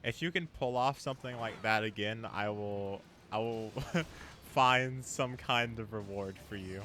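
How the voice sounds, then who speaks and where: Laid-back guy streaming a game, bright voice, laughs a lot, slow easy talk. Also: fairly low pitch, slight background noise. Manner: laughs often, chatty, talks to chat. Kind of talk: casual live-stream chat.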